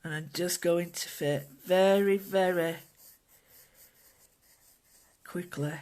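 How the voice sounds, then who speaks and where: Calm voice talking through a mandala drawing. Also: medium pitch, a little slow. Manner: calm, gentle, thinking aloud while working. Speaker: mandala art instructor. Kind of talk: casual drawing and painting tutorial.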